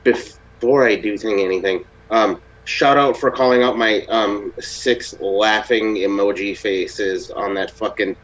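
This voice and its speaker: A man with a low voice hosts a casual group chat, loose and profane, laughing along with his guests. The sound is dull and muffled, like a lo-fi call. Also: fairly even intonation, a little slow, few pauses. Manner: loose, swears freely, laughs often. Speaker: podcast host.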